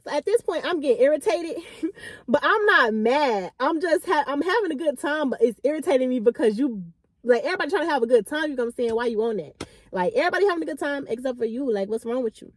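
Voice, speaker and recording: A woman in her late twenties, a vlogger, telling a story in a chatty, animated, slangy way. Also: high-pitched, fast talker. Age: late 20s. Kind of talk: casual storytime.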